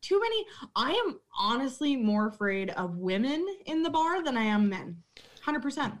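A young adult woman with a slightly high voice tells bar stories in a casual chat. She is blunt and swears freely. She laughs through her stories and acts out the customers' lines. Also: very animated, normal speed. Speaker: bartender.

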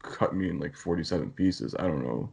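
A man's voice: low voice, animated, a little fast, vocal fry, a little mellow, breathy edge. A man co-hosting a comedy podcast, laid-back and filling his riffs with "like". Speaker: podcast co-host.

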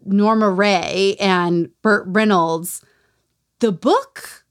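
A woman's voice: medium pitch, steady tone, extremely slow. A woman hosting a podcast, chatting in a casual, wry way about a book. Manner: conversational, wry. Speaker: podcast host. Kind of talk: casual chat.

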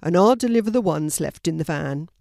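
A woman's voice: on the low side, lively intonation, brisk, creaky, warm tone, no room sound, clean studio sound. A woman voicing a friendly, slightly flustered village postman in a storybook reading. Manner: friendly, puzzled, grateful. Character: kindly village postman, grown man, a bit flustered.

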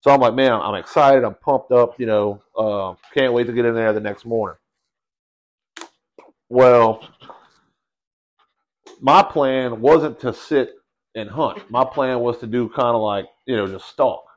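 Slangy animated male storyteller. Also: medium pitch, a little slow, long pauses. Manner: animated storyteller, slangy, says bro and dude. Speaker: podcast guest telling a hunting story. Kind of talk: casual chat.

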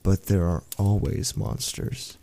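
An ancient, sinister clawed monster, voiced by a man, speaks in a very low, gravelly voice. The tone is dark and the delivery slow and menacing, as in a spooky storybook reading. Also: steady tone, exaggerated voice.

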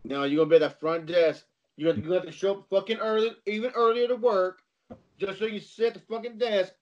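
Brief: high-pitched male co-host, animated, profane, slightly muffled recording. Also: fairly quick. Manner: animated storyteller, swears freely, acts out others. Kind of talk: casual chat. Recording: slightly dull lo-fi sound.

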